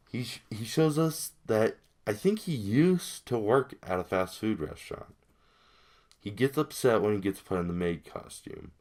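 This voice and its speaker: Slow, lively low-voiced man rambling. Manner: rambling, addresses viewers directly. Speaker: video creator. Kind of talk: casual commentary on a cartoon.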